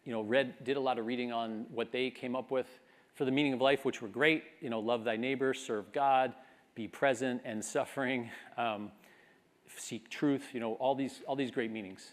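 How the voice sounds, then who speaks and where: A man in his fifties giving a graduation speech, earnest and reflective, building to a rousing call. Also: mid-range voice. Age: 50s. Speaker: commencement speaker.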